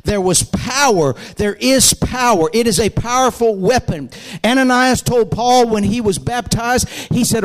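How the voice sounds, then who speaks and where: A man preaching a fervent sermon, building to shouted emphasis and leading the congregation in call-and-response. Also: extremely high pitch, unhurried, poor audio. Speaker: pastor.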